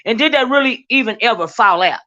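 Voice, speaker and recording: A woman's voice: fairly high pitch, animated, bright, forceful tone. Sassy woman gossiping on a livestream. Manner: sassy, drawn-out asides of "child", reads chat comments aloud. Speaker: livestream commentary host. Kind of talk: casual livestream gossip commentary. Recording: dull lo-fi stream audio.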